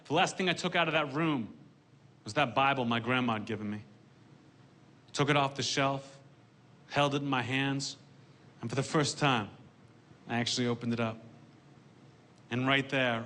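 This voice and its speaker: A man performing a stand-up comedy set onstage, with a deadpan delivery. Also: mid-range voice. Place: stage before a live audience.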